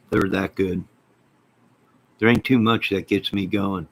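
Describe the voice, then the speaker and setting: A man hosting his own channel, chatting casually to his viewers on a live stream in an excitable, folksy, rambling way. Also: low voice, measured pace, slight background noise, poor audio. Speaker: channel host.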